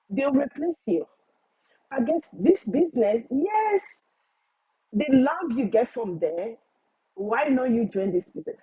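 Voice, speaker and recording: A mother of five giving an excited, effusive testimonial on a video call, often repeating herself. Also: high-pitched, husky, no room sound, highs cut off. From Canada. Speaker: guest business partner.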